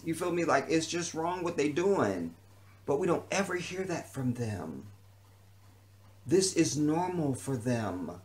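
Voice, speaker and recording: A man's voice: a little high, big pitch swings, measured pace, darkish tone. A man delivering an unscripted vlog rant in a heated, profane, emphatic way, often repeating a phrase for emphasis. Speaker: vlogger. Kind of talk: unscripted ranting monologue.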